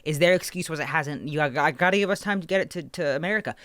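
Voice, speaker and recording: A woman co-hosting a podcast, telling a story in an animated, ranting way with swearing, close to her microphone. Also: sits low, fast talker, no echo. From Canada. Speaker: podcast co-host. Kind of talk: casual podcast chat. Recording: dry close-mic sound.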